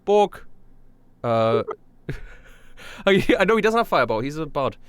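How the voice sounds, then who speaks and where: A man narrating as dungeon master in a streamed tabletop game, his voice a little high and swooping up and down as he describes the action. The recording is dry and close, with no room sound. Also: moderate pace, smooth, dry recording. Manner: lively, animated narration with laughter.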